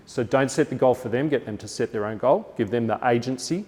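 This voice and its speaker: An Australian man giving a lively workshop talk to teachers, acting out classroom lines with a bigger, brighter voice. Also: mid-range voice, brisk, hardly any pauses, in a large hall. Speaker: teacher trainer.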